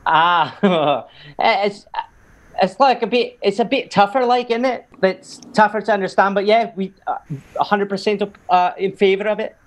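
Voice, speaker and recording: A man's voice: high voice, normal speed, voice pushed up, natural voice. A man putting on a to play a cheerful male Brexit supporter. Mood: chirpy.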